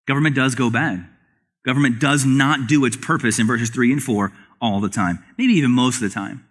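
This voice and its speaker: Male pastor in a church, animated sermon delivery with lively pitch swings and direct questions to the room. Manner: animated preaching with rhetorical questions. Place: church sanctuary.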